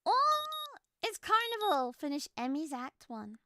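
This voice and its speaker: A woman streaming a game live, excitable and giggly, breaking into shouts and laughter as she plays. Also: high voice, measured pace, dry recording. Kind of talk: live gameplay commentary.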